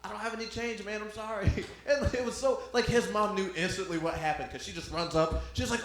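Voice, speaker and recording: A man doing a stand-up comedy set, animated and acting out voices in his stories. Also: high-pitched, fairly quick, hardly any pauses. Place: club room with audience. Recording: echoey room.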